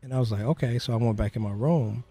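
A man being interviewed, recounting a personal story in a halting way, full of "you know" fillers. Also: on the low side, mellow, husky. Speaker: interview guest.

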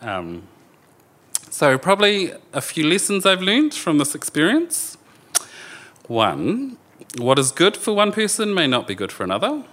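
A man's voice: a little high, huge pitch swings, unhurried, a bit bright. A man with a New Zealand accent telling a personal story on a live theatre stage, in an earnest, reflective way.

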